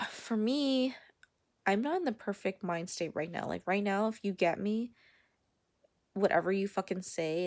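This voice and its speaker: A woman's voice: mid-range voice, gravelly. A woman giving a casual personal vlog update, rambling and blunt and swearing freely, filmed on a handheld camera. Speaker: vlogger. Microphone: handheld camera at arm's length.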